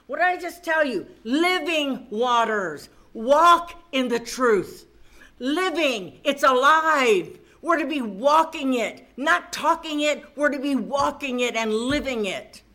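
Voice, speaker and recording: Fervent woman preacher, bright lively voice. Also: high-pitched, unhurried. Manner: preaching with rising fervor and call-and-response questions. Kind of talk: sermon.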